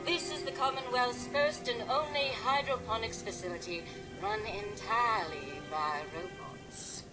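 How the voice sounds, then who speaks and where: A woman's voice: on the high side, unhurried, natural voice, poor audio. An actress playing a refined female robot gardener who speaks in a posh, affectionate way. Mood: gracious. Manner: posh, affectionate, calls people darling. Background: game music.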